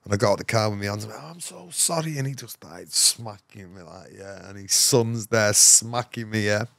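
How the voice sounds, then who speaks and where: A man's voice: on the low side, steady tone, normal speed, vocal fry, fairly bright tone, no echo. An English man, a podcast guest, tells a rambling story in casual, slangy talk and swears often. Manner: rambling, swears often, slangy, fillers like "you know what I mean".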